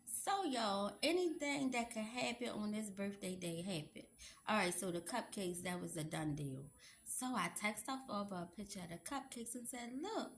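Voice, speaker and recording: Gravelly chatty woman vlogger. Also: a little high, a bit bright, slight background noise. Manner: chatty, emphatic, addresses viewers as y'all. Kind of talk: casual storytelling to viewers.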